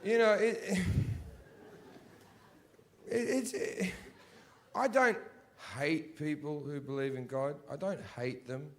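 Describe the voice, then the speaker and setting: A man's voice: on the high side, a little hiss or hum. A male stand-up comedian doing a blunt, profane, sardonic set on a live stage. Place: live comedy venue before an audience.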